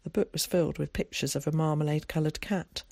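An audiobook narrator reading scripted narration in a measured, even way at a middling pitch. The sound is dry and close, with no room around the voice. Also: gravelly, no echo.

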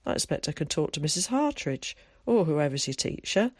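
A man's voice: a little high, big pitch swings, a little fast, no room sound, studio quality. A narrator voicing an irritable old countryman who talks in a curt, blunt rural way. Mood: gruff. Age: older.

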